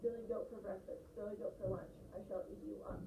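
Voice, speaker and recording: A woman's voice: medium pitch, little pitch movement, quick pace, vocal fry, lightly acted. Figure: wicked hungry male troll voiced by a woman. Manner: fuming, slobbering threats. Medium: storybook read aloud. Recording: echoey room, heard from far off, noisy background. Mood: menacing.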